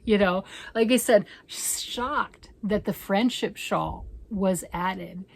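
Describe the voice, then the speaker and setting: A woman's voice: medium pitch, slow, gravelly. A woman talking casually to her viewers, chatty and self-teasing, slipping into whispers and playful outbursts. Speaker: crafting vlogger. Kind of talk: casual chat to camera. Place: home.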